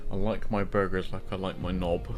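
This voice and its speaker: A man streaming a game, chatting casually with crude jokes and plenty of swearing. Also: low voice. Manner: crude, joking, swears freely. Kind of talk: casual gaming stream chat.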